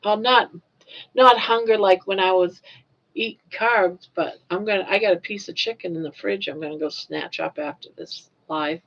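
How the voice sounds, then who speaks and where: An older woman from Maine hosting a casual livestream chat, rambling along and repeating words as she goes. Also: mid-range voice. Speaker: livestream host. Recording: dull lo-fi livestream audio.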